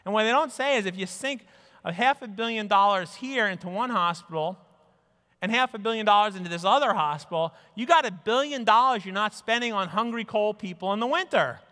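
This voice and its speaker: A man giving an animated conference talk, telling stories and putting on mock voices for people he quotes. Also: high-pitched, brisk. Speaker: speaker. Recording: reverberant hall.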